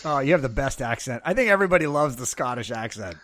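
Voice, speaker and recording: A man's voice: mid-range voice, animated, quick pace, a bit bright, no room sound. A man hosting a podcast in a chatty, enthusiastic way, often laughing with his guest. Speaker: podcast host. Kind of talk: casual chat. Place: in Los Angeles.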